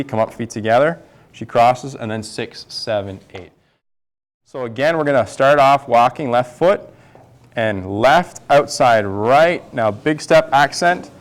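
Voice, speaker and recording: A male tango instructor teaching a dance class, counting the steps aloud as he demonstrates them. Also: mid-range voice. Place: dance studio.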